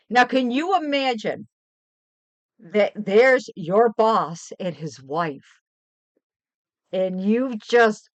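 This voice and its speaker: An older woman streamer with a fairly high-pitched voice tells chatty, rambling stories animatedly in a casual live stream. The stream audio is dry, dull, and lo-fi, with no room sound.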